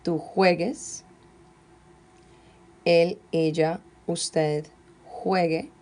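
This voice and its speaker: A woman teaching Spanish grammar, slowly and carefully dictating verb forms one at a time. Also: fairly low pitch, steady tone, darkish tone. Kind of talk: classroom grammar lesson.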